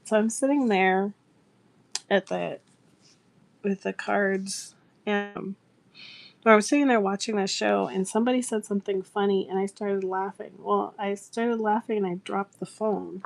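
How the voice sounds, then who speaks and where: A woman's voice: medium pitch, measured pace, creaky. A middle-aged woman hosting a craft livestream, chatting casually and breaking into laughter as she tells a funny story. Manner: animated, laughing often while telling a story. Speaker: livestream seller host. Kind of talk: casual live-stream storytelling.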